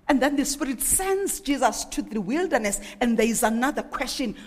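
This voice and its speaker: A woman preaching a sermon, asking one rhetorical question after another with animated delivery. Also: high voice, normal speed, hardly any pauses. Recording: echoey hall with long reverb.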